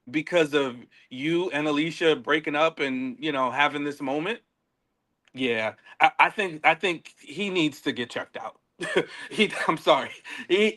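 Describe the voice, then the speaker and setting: A man co-hosting a casual recap podcast, animated, laughing often and stumbling over repeated words. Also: a little high. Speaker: podcast co-host. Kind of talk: casual reality-show recap chat.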